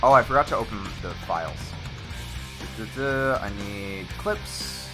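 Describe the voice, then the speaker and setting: A man hosting a live-stream clip tournament in casual chat, excitable and rambling with lots of fillers. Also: fairly low pitch, unhurried, music in the background.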